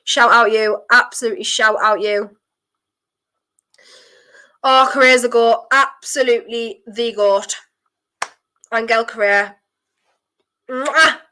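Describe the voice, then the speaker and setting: A young woman talks to her stream viewers during a football match. Her voice sits high and sounds bright and forceful. She sounds elated and breathless, gushing over the players and thanking her chat. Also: fairly even intonation, slow pace, pauses often. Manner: elated, breathless reactions to goals. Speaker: streamer hosting a football watchalong. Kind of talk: live football watchalong chat.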